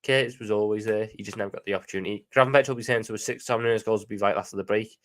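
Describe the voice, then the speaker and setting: A man's voice: on the low side, fairly even intonation, very fast, a bit bright. A man with a Scouse accent chatting casually on a live stream, reading viewer questions and answering them off the cuff.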